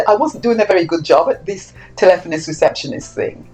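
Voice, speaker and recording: An older woman from Saint Kitts, interviewed about her life, speaking reflectively and growing animated as she acts out old exchanges. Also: fairly low pitch, a little fast, hardly any pauses, soft background music, poor audio. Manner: reflective, animated when acting out quoted exchanges. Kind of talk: oral history interview.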